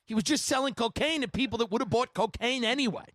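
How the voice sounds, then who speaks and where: A man hosting a podcast, telling comedic stories in an animated, rambling way and laughing between lines. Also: very high-pitched, fast, no room sound. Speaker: podcast host. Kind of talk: comedic storytelling.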